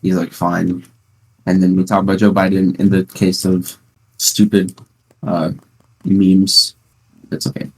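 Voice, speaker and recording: A teenage podcast host at home, chatting casually and rambling through stories with playful sarcasm. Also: male voice, low-pitched, monotone, measured pace, long pauses. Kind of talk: casual chat.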